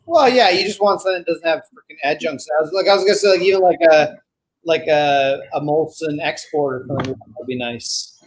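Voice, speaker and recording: A man with a notably high voice chats on a podcast. His manner is wry and offhand, telling small anecdotes in a loose, talkative way. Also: brisk. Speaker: podcast co-host. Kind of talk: casual chat.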